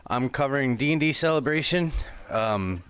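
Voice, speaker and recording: A man's voice: mid-range voice, animated, moderate pace, a bit bright. Man rambling through a casual stream. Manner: rambling, with many fillers and apologies. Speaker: streamer commenting on a live event.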